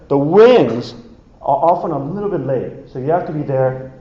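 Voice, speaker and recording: A man's voice: on the high side, animated, normal speed, mellow. A man coaching a conducting student in rehearsal, counting and singing rhythms aloud and calling out cues. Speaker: conducting teacher. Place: large echoey rehearsal hall. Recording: roomy hall sound, slightly dull. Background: orchestra playing.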